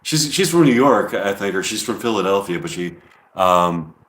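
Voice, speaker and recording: A man's voice: low-pitched, animated, normal speed, fairly bright tone, echoey room. A man rambling through an improvised comedy monologue, hesitant and full of ums. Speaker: comedian live-streaming.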